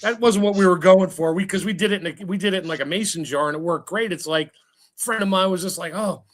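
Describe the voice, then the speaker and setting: A man's voice: sits high, quick pace. A man on a casual panel chat, joking and blunt, telling stories.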